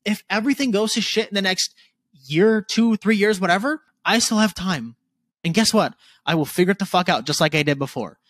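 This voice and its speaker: A man in his twenties talking candidly as a podcast guest, casual and animated, swearing freely. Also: high voice, brisk, no room sound. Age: 20s.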